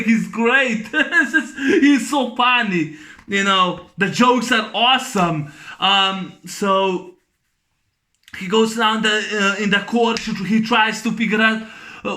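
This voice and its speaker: A man's voice: high-pitched, pushed and bright. A man giving a casual spoken movie review, rambling with many fillers and often laughing as he retells scenes. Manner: rambling, full of fillers and "you know".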